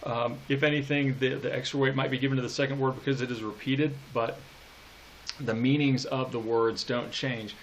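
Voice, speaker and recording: A man delivers a recorded poetry lecture in a voice of ordinary pitch. He explains patiently, thinking aloud as he goes. His speech is full of fillers, restarts and small pauses. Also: steady tone, a little hiss or hum. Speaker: literature teacher. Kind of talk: recorded lecture annotating a poem.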